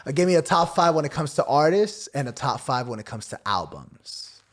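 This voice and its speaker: A man with a somewhat high voice hosts a casual podcast interview. He talks like a showman, piling on hype and playful slang. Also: sing-song, fairly quick. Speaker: podcast host.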